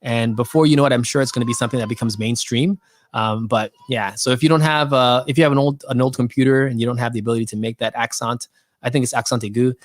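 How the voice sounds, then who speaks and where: A man's voice: medium pitch, quick pace, no echo. Guy hosting a podcast stream, laid-back chatty talk with lots of um and restarts, dry close sound. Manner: relaxed, chatty, many fillers and restarts. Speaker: podcast host. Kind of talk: casual livestream sign-off.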